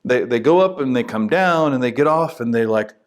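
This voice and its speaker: A man's voice: medium pitch, a little fast. A young man, a minister, giving a short casual devotional talk in a conversational way. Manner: conversational, animated, acts out quotes.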